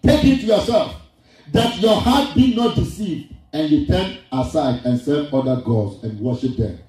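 A man's voice: fairly high pitch, moderate pace, darkish tone. A man preaching a sermon, repeating his lines for emphasis in a sing-song cadence. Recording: distant, very echoey hall with faint music.

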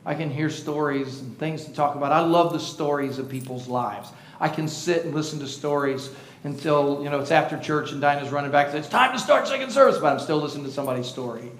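A pastor with a slightly high, steady voice delivers a brisk sermon in church, asking the congregation questions and playfully poking fun at himself. The recording is reverberant and of poor quality.

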